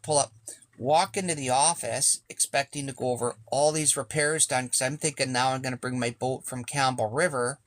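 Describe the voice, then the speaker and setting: A man's voice: mid-range voice, steady tone, moderate pace, no echo. A man telling a casual, rambling story as a sailing vlogger, swearing freely and acting out what people said. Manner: rambling, profane, acts out quoted speech.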